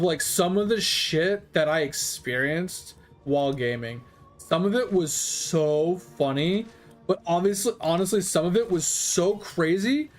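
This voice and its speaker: Brief: casual male streamer, slightly high voice, rambling and swearing easily. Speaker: game streamer. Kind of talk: casual storytelling while gaming.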